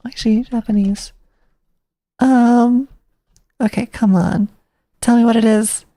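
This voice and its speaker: A woman's voice: fairly high pitch, fairly even intonation, slow, dark tone. A woman streamer chatting casually, rambling and thinking aloud to herself.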